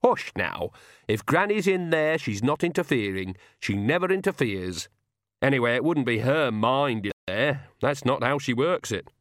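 A man's voice: medium pitch, animated, moderate pace, a bit bright, no room sound, clean studio sound, pitched above the performer's own voice, close to an everyday voice. A man voicing a chatty, earthy old grandmother witch with a homely, blunt way of talking, in a storybook reading. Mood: gossipy. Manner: homely, folksy, cheerfully blunt.

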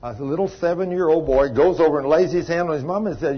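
A man with a slightly high, husky voice delivers a storytelling sermon at a quick pace with few pauses. He spins folksy tales and acts out the characters in them, captured on dull, lo-fi audio.

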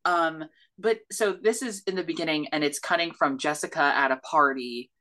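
A woman's voice: deep voice, moderate pace, sharp tone. A woman co-hosting a movie review podcast, talking in an enthusiastic, rambling way full of fillers. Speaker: podcast co-host. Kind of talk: casual movie review chat.

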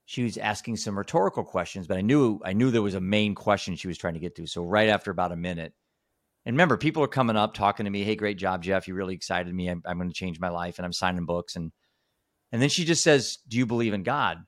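A deep-voiced man talks fast on a dry, studio-quality recording. He hosts a podcast, chatting casually and rambling, constantly restarting his sentences and dropping "you know" often.

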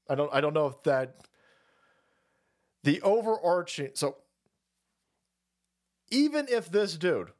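A man hosting a livestream, delivering a profane, rambling rant in fast bursts of casual commentary. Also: a little high. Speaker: streamer host.

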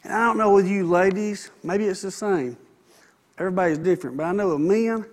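A man's voice: high voice, fairly quick. A man preaching a sermon in a folksy, conversational way, with asides to the congregation. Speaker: pastor.

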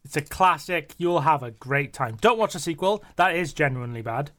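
A man's voice: fairly high pitch, expressive, normal speed, a bit bright. A man hosting a casual podcast, laughing and swearing through the banter. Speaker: podcast host. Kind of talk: casual chat.

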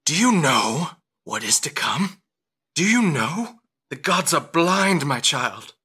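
Man doing a sinister old woman mentor, hushed and cryptic, bright tone. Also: on the high side, big pitch swings, takes it slowly, breathy edge, pitched above the performer's own voice, full character voice. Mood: ominous. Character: sinister elderly woman teacher, cryptic and menacing.

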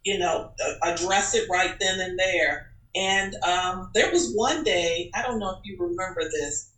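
A woman guest telling personal stories in an animated, chatty way, with many fillers and restarts. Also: on the low side, measured pace, roomy sound, poor audio. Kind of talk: casual personal storytelling.

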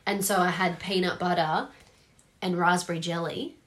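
An Australian woman co-hosting a casual podcast chat, animated and acting out quotes, swearing casually. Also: on the low side, moderate pace. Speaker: podcast co-host.

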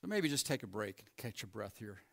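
A man preaching a sermon as pastor, emphatic, moving between ringing emphasis and hushed, low passages. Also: big pitch swings, a little fast, creaky.

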